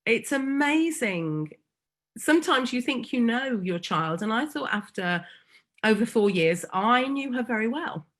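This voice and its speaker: Slow-spoken woman, tender and emotional. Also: a little high, animated, fairly bright tone. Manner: slow and emotional, pausing often. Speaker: foster carer. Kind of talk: heartfelt personal testimony.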